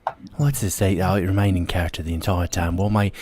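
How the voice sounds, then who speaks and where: A man co-hosting a casual live-streamed chat, playful and quick to laugh. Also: low voice, steady tone, background noise. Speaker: podcast co-host.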